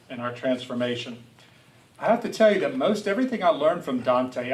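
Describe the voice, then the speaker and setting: In a roomy hall, with the mic placed away from him, a middle-aged man from south Louisiana speaks earnestly in a mid-range voice. The public speaker's lecture is personal and reflective, and he restarts sentences from time to time.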